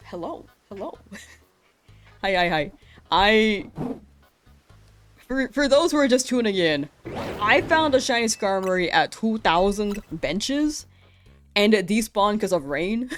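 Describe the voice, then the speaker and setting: A woman streams a game, chatting casually with viewers and laughing often. Her mid-range voice has lively intonation and a measured pace, with soft music playing in the background.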